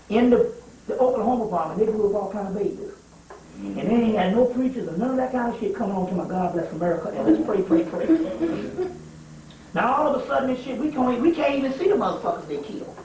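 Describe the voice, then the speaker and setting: A man giving a profane lecture to a live audience, animated and laughing, telling stories in street talk with call-and-response asides. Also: sits high, fast talker, a little hiss or hum. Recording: very echoey room, distant mic, archive tape.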